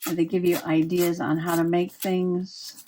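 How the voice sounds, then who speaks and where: A woman's voice: fairly low pitch, flat delivery, measured pace, dark tone, a little hiss or hum. A woman chatting and giggling as she works on a craft project. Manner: chatty, giggly, talks while working. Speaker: crafting vlogger. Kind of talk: casual crafting chat.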